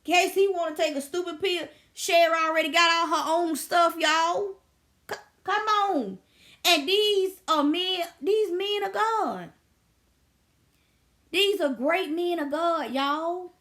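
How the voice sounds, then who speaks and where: A woman in her thirties talking to her viewers in a casual vlog, telling stories in an animated, emphatic way. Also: extremely high pitch, takes it slowly. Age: 30s. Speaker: vlogger. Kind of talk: casual storytelling commentary.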